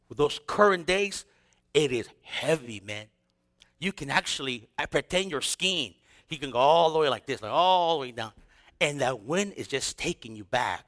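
A man preaching a sermon as pastor, casual and animated, with slang and acted-out quotes. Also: fairly high pitch, in a large hall.

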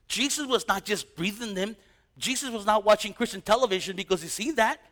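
Middle-aged male pastor, higher-pitched, animated storyteller who drops into hushed tones. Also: fast, big-room sound. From East Los Angeles. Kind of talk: sermon.

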